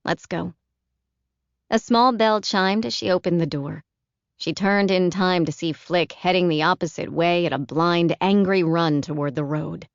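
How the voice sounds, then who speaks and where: A woman narrating a novel as an audiobook in a measured storytelling delivery. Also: on the low side, clean tone, dry recording. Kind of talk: scripted narration. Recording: dull, dry, lo-fi audiobook recording.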